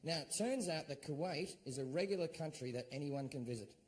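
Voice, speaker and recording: Profane Australian stand-up comedian, high voice. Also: male voice, brisk, slight background noise. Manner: profane, animated, acts out shouted quotes. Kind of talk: stand-up storytelling.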